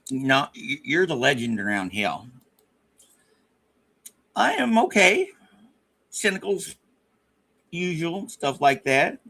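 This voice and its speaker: Lively, bright-voiced man chatting on a stream. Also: on the high side, slow pace, long pauses. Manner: rambling, self-mocking, stammering restarts. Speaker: livestream host. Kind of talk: casual livestream chat.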